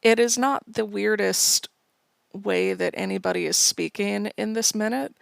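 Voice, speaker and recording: A woman's voice: mid-range voice, steady tone, measured pace, vocal fry, dry recording. A woman co-hosting a podcast, chatting playfully and recapping a film scene by scene. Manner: playful, reads quoted lines with acted bursts. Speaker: podcast co-host. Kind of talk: casual chat and recap narration.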